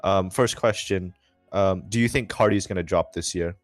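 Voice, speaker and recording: A man's voice: deep voice, normal speed, no room sound, soft background music. A young man commentating a racing livestream and interviewing a driver, in a rambling, joking manner with many fillers and restarts. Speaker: race commentator and post-race interviewer.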